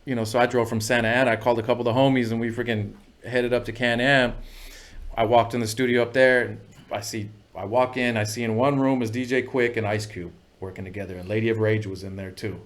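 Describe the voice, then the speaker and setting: A man's voice: medium pitch, level tone, quick pace. A man guesting on a podcast, telling a long story in a loose, profane way, and asking "you know what I mean" again and again. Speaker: music producer guest. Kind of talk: casual storytelling interview.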